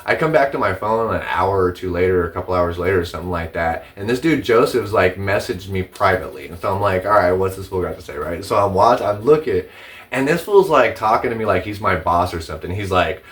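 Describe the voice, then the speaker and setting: A man with a fairly low voice rants to camera about a feud, swearing freely and circling back over his points. He sits a little back from the microphone, so the sound is slightly distant. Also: lively intonation, a little fast. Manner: profane, repeats himself, rising indignation. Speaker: vlogger telling his side of a dispute. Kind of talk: casual, heated storytelling to camera.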